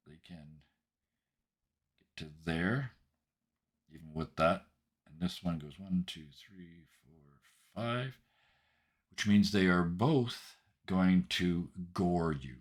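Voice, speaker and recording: A man with a very low voice runs a tabletop role-playing game as game master. He narrates the action loosely, padding it with fillers and checking in with a frequent "right?".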